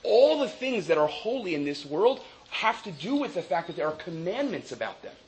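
A man's voice: sits high, very animated, moderate pace. A man giving an academic lecture to a class. He thinks aloud, often restarts his sentences and checks in with tag questions. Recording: echoey room with faint ambience.

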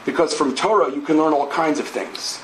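A man's voice: fairly high pitch, brisk, a bit bright, slight background noise. A man giving an academic lecture, explaining ideas step by step. He thinks aloud with asides and tag questions. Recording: echoey room.

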